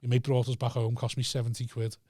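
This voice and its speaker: A young man, telling a sweary, animated story in casual podcast chat. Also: medium pitch, fast talker, no echo, studio quality. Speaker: podcast co-host.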